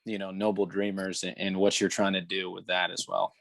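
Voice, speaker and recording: A man cohosting a podcast, asking questions in a relaxed, casual way with plenty of fillers. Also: sits low, fairly quick, gravelly, no room sound.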